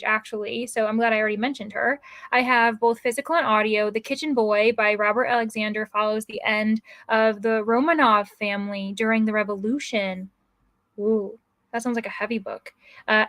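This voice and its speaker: A woman's voice: fairly high pitch, fairly bright tone, no echo. An American woman hosting a casual book livestream, chatting and rambling as she reads out viewer comments. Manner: chatty, rambling, many fillers. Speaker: livestream host.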